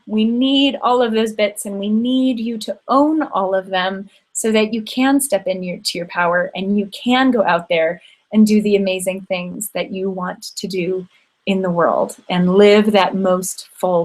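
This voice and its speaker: A woman's voice: medium pitch, measured pace, low-quality recording. Middle-aged woman, host of an online women's circle, affectionate and encouraging, computer mic. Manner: affectionate, encouraging, with frequent ums. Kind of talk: warm closing remarks to a live online group.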